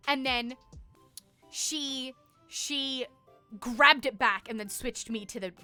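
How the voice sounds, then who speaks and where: A young-sounding Australian woman with a bright, forceful voice pitched a little high spins a story for her stream chat. She is animated and swears a lot, jumping into the voices of the people in the story, and soft music plays under her. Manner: animated, swears freely, acts out quotes.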